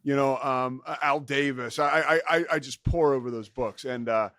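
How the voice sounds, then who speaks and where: A man's voice: medium pitch, steady tone, normal speed, fairly bright tone, no echo, clean studio sound. A man hosting a casual conversation, agreeing readily and laughing along, with frequent fillers.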